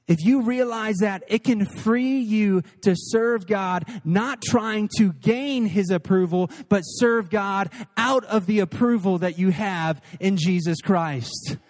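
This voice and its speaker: A man in his thirties preaches to his congregation with a notably high voice. He talks with earnest energy, rushing through asides and then slowing right down to hammer home key lines. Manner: earnest and animated, shifting between quick asides and slow emphatic lines. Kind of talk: sermon. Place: church service before a crowd.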